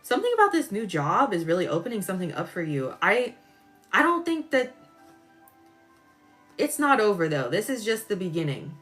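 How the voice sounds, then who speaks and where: A woman doing a live-stream tarot reading, chatty and expressive, jumping from excited squeals to low murmurs as she talks to her viewers. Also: moderate pace, long pauses, soft background music. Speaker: tarot reader.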